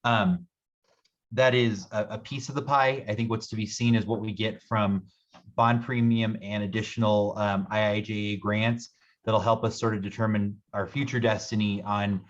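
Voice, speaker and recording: Rapid, stumbling low-voiced man. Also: fairly even intonation, muffled recording. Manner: rapid, with many repeated words and restarts. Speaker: city transportation official presenting a budget. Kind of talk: budget presentation at a public meeting.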